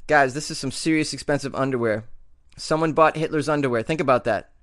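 A man's voice: mid-range voice, fairly quick, a bit bright. Joking male podcast news host. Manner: joking, sarcastic, laughs between lines. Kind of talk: comedic news podcast monologue.

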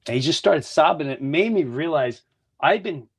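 A man's voice: on the high side, expressive, moderate pace, breathy edge. A man hosting a podcast, telling earnest, heartfelt stories in a casual monologue. He often restarts and repeats words, and sometimes drops to a near whisper. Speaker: podcast host.

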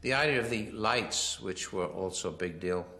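A film director giving a rambling commentary, full of anecdotes, often quoting himself and others. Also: male voice, deep voice, expressive, normal speed, creaky, sharp tone.

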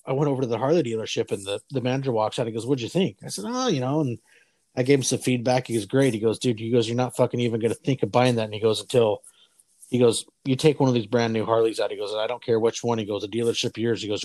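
A man in his forties with a mid-range voice, talking off the cuff as a podcast host. He swears freely and slips into animated voices when he quotes other people. The sound is dry and close, with little room echo. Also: medium pitch, fast. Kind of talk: casual storytelling chat.

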